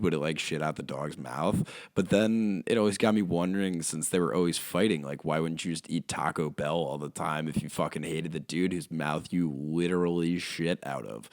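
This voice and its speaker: A man's voice: extremely low pitch, no room sound, studio quality. A man hosting a podcast, delivering a profane, rambling comedic monologue full of fillers. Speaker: podcast host.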